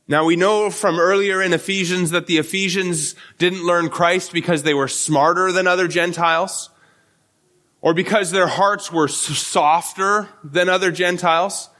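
A man's voice: high voice, normal speed, pushed and bright. A male pastor giving an earnest expository sermon, often repeating words as he restarts his phrases.

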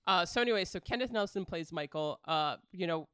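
A podcast co-host chatting casually about films, with lots of "like" and "kinda" and some gentle teasing. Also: medium pitch, expressive, brisk, clear, resonant tone, no room sound, studio quality. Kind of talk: casual film discussion.

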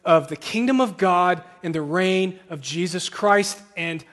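A man delivers a sermon in a church, earnest and at times impassioned. His voice sits high for a man and he takes his time. The sound carries the long reverb of a large hall. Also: a little slow, fairly bright tone. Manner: earnest, rising to impassioned pleading. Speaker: pastor. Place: church sanctuary.

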